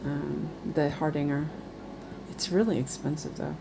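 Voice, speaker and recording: A woman's voice: sits low, steady tone, measured pace, creaky, noisy background. A woman chatting casually and rambling on a live stream while she does cross-stitch. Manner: rambling, chatty, many fillers.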